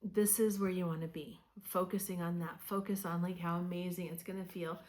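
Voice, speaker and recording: A woman's voice: on the low side, little pitch movement, fairly quick, darkish tone. A woman giving a casual tarot reading, talking in a loose conversational way with many fillers, encouraging the listener. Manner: encouraging, coaching tone. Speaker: tarot reader.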